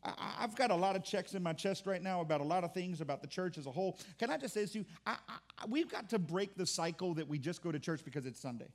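Pastor, high-pitched male voice, chatty sermon delivery, mocks whiny churchgoers. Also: lively intonation, fast, few pauses. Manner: conversational preaching with repeated restarts; acts out churchgoers' complaints in mock voices.

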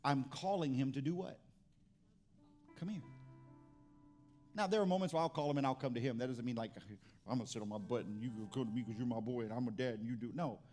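A middle-aged man preaching in a loose, conversational way, stumbling and restarting as he goes. His voice sits at an ordinary pitch for a man, with faint music playing softly under his words. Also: steady tone, quick pace. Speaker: pastor. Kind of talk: sermon.

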